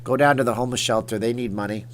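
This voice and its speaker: A man's voice: mid-range voice, fairly even intonation, racing, a little hiss or hum. A man hosting a casual late-night livestream, answering chat questions in a rambling, jokey way. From Las Vegas. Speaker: livestream host.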